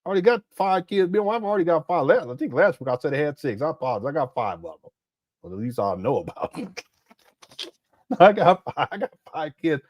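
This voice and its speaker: Host, male, 50s, blunt casual reaction commentary, animated delivery. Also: fairly high pitch, fast, dry recording, clean studio sound. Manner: blunt, exclamatory, laughs at clips.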